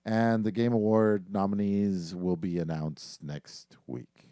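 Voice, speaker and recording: Man on a podcast, low voice, dry close sound, casual and sweary. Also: fairly even intonation, takes it slowly, dark tone, smooth, dry recording. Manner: loose, swears freely, hesitant fillers. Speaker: podcast co-host.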